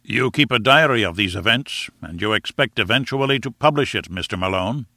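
A man's voice: lowish voice, lively intonation, brisk, sharp tone, no echo, studio quality, exaggerated voice. A man voicing a pompous, self-important elderly professor in an audiobook, declaiming grandly.

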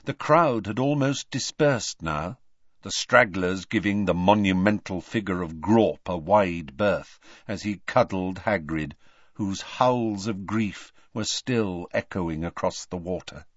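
A man reading a story aloud as audiobook narrator in a measured, expressive way. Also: sits low, no room sound. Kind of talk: scripted narration. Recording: slightly dull, dry audiobook recording.

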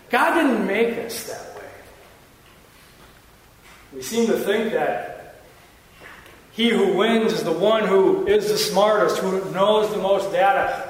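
Joking pastor in an echoey church. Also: male voice, high voice. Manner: joking, self-mocking asides to the congregation; emphatic, building repetition. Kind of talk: sermon. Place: church sanctuary. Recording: echoey church hall from far off, faint noise.

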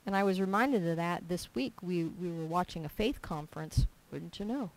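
A woman with a lowish voice preaches at a moderate pace, and the audio is poor. Her informal sermon is packed with personal anecdotes told in an animated way, complete with small dialogues she performs herself. She speaks emphatically and circles back to her main points repeatedly.

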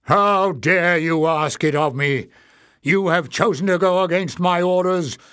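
Man voicing a shrieking spiteful leader, loud, sneering, dry close recording. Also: high voice, a little slow, clean tone, dry recording, voice pushed up. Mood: furious. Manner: sneering, hissing.

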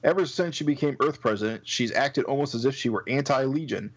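A man's voice: medium pitch, quick pace, slightly rough, lightly acted. Man playing an indignant young superhero, sarcastic toward his mom, brooding, comic read aloud. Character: young male hero, resentful son of Earth's president.

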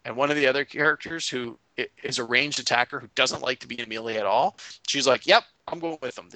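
Bright-voiced game master telling a story. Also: male voice, medium pitch, dry recording, low-quality recording. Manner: animated retelling, quotes players in quick voices. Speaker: game master recounting a session. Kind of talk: casual storytelling recap.

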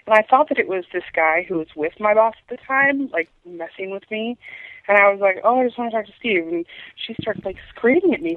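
A woman's voice: medium pitch, animated, normal speed, no echo. A tired young woman calling in to a radio show, rambling through a story with lots of fillers. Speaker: caller. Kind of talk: telling a story on a call-in show. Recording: dry, tinny phone line.

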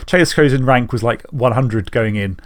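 A man's voice: medium pitch, normal speed. Guy hosting a podcast, cracking jokes, winding the show down. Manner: jokey, wraps up the show. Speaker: podcast host. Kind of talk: casual podcast chat.

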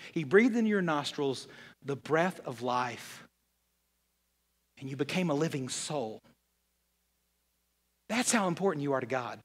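Preacher, hushed to booming. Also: male voice. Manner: preacher swinging from hushed to loud and emphatic. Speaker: pastor. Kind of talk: sermon. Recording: long hall reverb.

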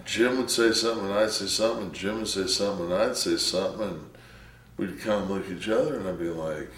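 A man with a very low voice rambles through profane stories in loose, casual talk. He sits back from the mic in a roomy space, and faint noise hangs behind him. He grew up in Detroit. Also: fast, fairly bright tone, recorded from a distance. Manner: rambling, heavy swearing, storytelling.

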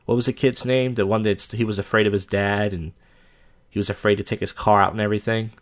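A man with a somewhat low voice comments casually on clips. His tone is crude and sarcastic. He talks in an offhand, rambling way. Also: steady tone, quick pace. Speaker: reaction video host.

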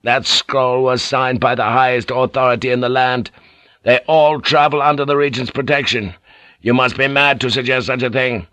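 A man's voice: medium pitch, steady tone, pushed and bright, dry recording, pitched above the performer's own voice, lightly acted. A man reading an audiobook, voicing a proud, hot-tempered samurai lord with a commanding way of talking. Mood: angry. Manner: commanding, quick to anger.

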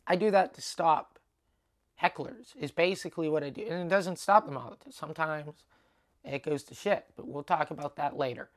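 Female comic, low voice, loose podcast monologue, swears, acts out lines. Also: moderate pace. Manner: animated, swears, acts out dialogue in quotes. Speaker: stand-up comedian. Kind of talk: casual solo podcast storytelling.

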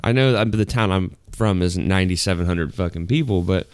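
A man's voice: deep voice, fairly quick, a little mellow, clear, resonant tone, dry recording. A man hosting a podcast in loose, profane, casual chat, laughing often. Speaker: podcast host.

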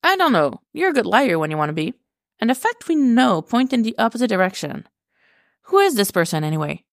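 A woman's voice: a little high, very animated, brisk, dry recording, clean studio sound, voice pushed up. A woman reading a podfic, voicing a suspicious, skeptical young man.

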